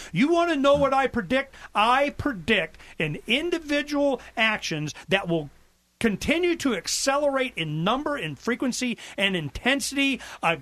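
A man hosting a talk radio show, telling stories and acting out quotes. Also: a bit bright. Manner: storytelling, acts out quotes with big pitch swings. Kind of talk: animated talk radio monologue.

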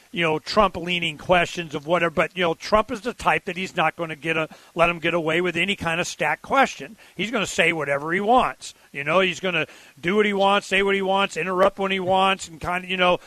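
A man with a high, sharp voice talks loosely on a political radio show. He rambles and stalls, restarting his sentences, and the sound is dry and close. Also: dry recording. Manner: rambling, halting, with many restarts. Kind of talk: casual political talk radio chat.

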